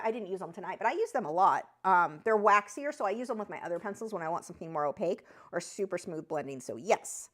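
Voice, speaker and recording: A woman with a high voice that she says sounds like a chipmunk, chatting loosely with her viewers on an art live stream, with lots of fillers and restarts. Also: fairly bright tone. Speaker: art teacher answering chat. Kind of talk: casual live-stream chat.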